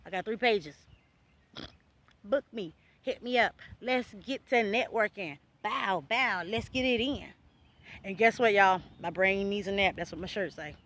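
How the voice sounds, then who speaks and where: A woman vlogger ranting casually to her viewers, loud and animated, full of slang and swearing and quick laughs. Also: medium pitch. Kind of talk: casual rant to camera.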